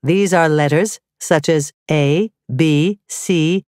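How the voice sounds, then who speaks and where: A woman narrating a scripted grammar lesson, reading slowly and carefully with clearly spelled-out examples. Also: deep voice, darkish tone, no room sound, studio quality. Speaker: teacher.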